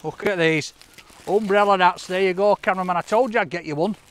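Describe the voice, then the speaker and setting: A man, chatting excitedly to camera while he opens fan mail in a park, laughing often. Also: high-pitched, fairly quick. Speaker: food reviewer opening fan mail. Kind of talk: casual vlog chat to camera. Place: outdoors in a park.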